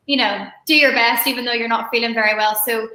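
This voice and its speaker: A woman guest telling stories in a relaxed chat, laughing often. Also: fairly high pitch, fast, reverberant, poor audio. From Ireland. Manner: chatty storyteller, laughs often. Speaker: guest musician. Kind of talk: casual chat on a live stream.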